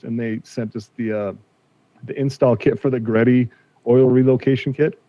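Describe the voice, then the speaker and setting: A man's voice: mid-range voice, steady tone, normal speed. A man in his forties, a podcast guest telling a story casually and acting out what others said to him. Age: 40s. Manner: retells a dispute, acting out quoted exchanges. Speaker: podcast guest, car collector. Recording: slightly dull, dry sound.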